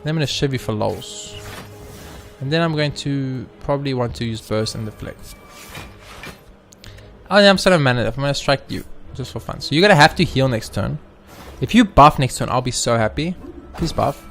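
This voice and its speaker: Excitable gaming commentator, a man. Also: medium pitch, moderate pace, vocal fry, faint music behind. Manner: excitable, swears, talks to the game. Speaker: let's play host.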